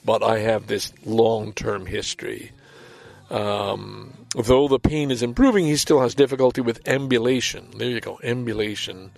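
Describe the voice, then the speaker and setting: A man's voice: on the low side, normal speed, creaky, a little mellow. A man in his seventies, a podcast host, talking casually and rambling, reading a report aloud and commenting with self-deprecating chuckles. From Canada. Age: 70s. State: walks with a walker. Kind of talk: casual solo monologue.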